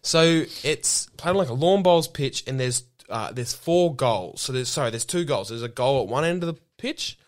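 A man's voice: mid-range voice, lively intonation, moderate pace, hardly any pauses. A man hosting a comedy podcast, telling a story in casual chat with frequent laughs. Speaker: podcast host.

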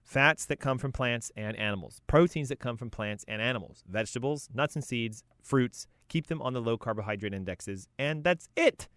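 A man's voice: medium pitch, normal speed, few pauses, a bit bright, no echo, clean studio sound. A man hosting a health talk as a coach, emphatic and punchy, rattling off lists. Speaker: health coach and show host.

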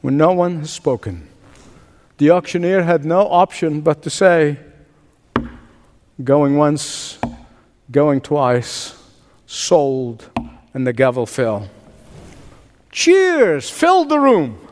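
Slow, animated preacher man. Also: fairly high pitch, in a large hall. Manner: dramatic, deliberate. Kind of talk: sermon storytelling.

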